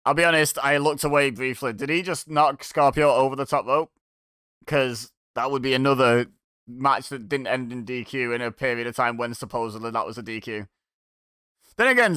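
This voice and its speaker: A man's voice: mid-range voice, pushed and bright, smooth, dry recording, clean studio sound. A man hosting a watch-along, giving casual, sarcastic reaction commentary and chuckling to himself.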